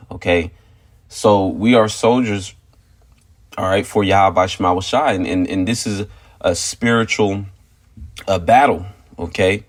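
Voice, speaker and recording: Man, lowish voice, informal spiritual testimony, rambling storyteller, filler-heavy, emphatic. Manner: rambling storyteller, constant "you know" fillers; emphatic, repeats "okay" and "all right" to drive points home. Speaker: religious teacher sharing a testimony.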